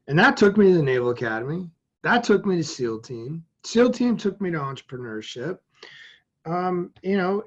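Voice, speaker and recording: Animated storytelling man, lo-fi sound. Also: a little high. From Massachusetts. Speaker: guest. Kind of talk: storytelling in an interview. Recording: dull lo-fi sound.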